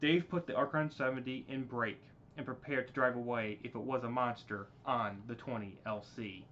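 A man's voice: medium pitch, fairly even intonation, moderate pace, a bit bright, a little hiss or hum. A man narrating a homemade story, reading with stumbles and restarts on a dull lo-fi recording.

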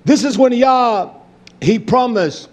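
A man preaching a fiery, confrontational sermon, scolding and cursing, swinging between loud outbursts and low muttering. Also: slow pace.

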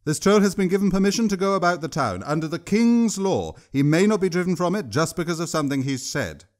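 A man reading an audiobook, voicing a wealthy lord in a measured, lofty and formal manner. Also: high-pitched, expressive, a little mellow, voice pushed up. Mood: lofty, condescending. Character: pompous wealthy male lord.

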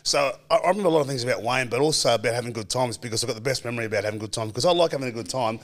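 An Australian man in his forties, a former footballer, telling animated stories as a podcast guest and acting out quoted voices. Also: mid-range voice, rapid-fire. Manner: animated storyteller, acts out quoted voices, laughs often. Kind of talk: casual storytelling chat.

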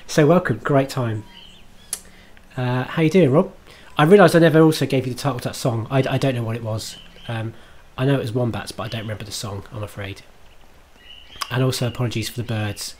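A man's voice: medium pitch, fairly quick, darkish tone, slight background noise. A man streaming himself playing a game, chatting to viewers in a self-mocking way, swearing and laughing at his own mistakes. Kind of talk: live gameplay commentary.

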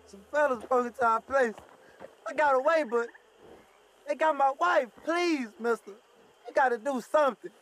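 A man's voice: very high voice, background noise. An actor voicing a frantic male swamp settler begging for help in a western game. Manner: pleading, urgent.

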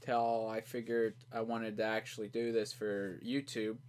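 Male gaming host doing live commentary, slow delivery, loud outbursts, noisy backdrop. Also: fairly low pitch. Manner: yelling excitedly at the game, frustrated outbursts.

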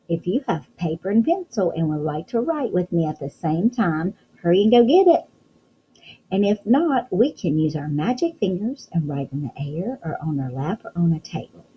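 A woman teaching a phonics lesson to young children, talking in a slow, sing-song, encouraging way and praising often. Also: on the low side, muffled recording, slight background noise. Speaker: kindergarten teacher.

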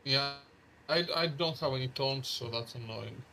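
A man chatting casually while playing a co-op game, excitable and often repeating words. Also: medium pitch, normal speed, a little hiss or hum. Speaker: gamer playing co-op.

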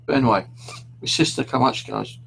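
A man's voice: mid-range voice, quick pace, vocal fry, a bit bright, slightly rough, poor audio. A middle-aged man hosting a paranormal stream from home, telling rambling stories casually and swearing freely. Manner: swears freely, storytelling with restarts. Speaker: paranormal livestream host.

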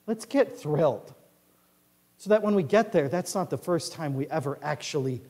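Male pastor, animated high-voiced sermon delivery, booming church-hall echo. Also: moderate pace. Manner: animated, swings from quiet asides to loud declarations. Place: large church sanctuary.

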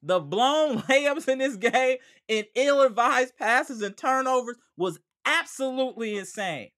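Guy hosting a live hoops fan stream, bright voice, ranting and slangy, swings loud and low. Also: lively intonation, a little slow. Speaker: sports podcast host.

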